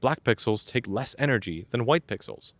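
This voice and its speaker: A man's voice: mid-range voice, normal speed, a bit bright, no echo, lightly acted. A man voicing a male tech blogger in a put-on British accent, reading out a quoted blog post. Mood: enthusiastic.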